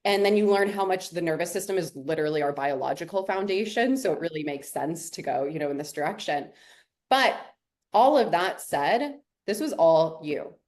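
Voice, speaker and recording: Lower-voiced woman coach, encouraging. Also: animated, moderate pace, darkish tone. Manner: encouraging and affirming. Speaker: program coach and interview host. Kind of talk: warm supportive interview talk.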